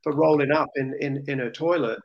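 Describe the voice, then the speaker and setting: A man's voice: mid-range voice, brisk, creaky, dull audio. An Australian man, an interview guest, earnestly and emotionally recounting a personal testimony. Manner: earnest, emotional, animated retelling.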